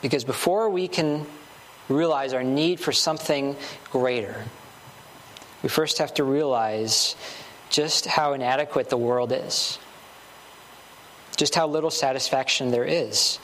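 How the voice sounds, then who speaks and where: A man's voice: medium pitch, measured pace, long pauses, fairly bright tone, slight background noise. Earnest man preaching a sermon. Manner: earnest, building emphasis with short repeated phrases.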